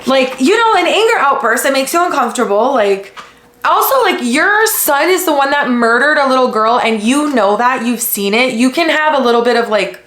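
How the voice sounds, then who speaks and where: Woman, from the US, podcast host, blunt, swears a lot, higher voice, echoey room. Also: normal speed. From United States. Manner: blunt, heavy swearing, animated retellings. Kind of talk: casual commentary.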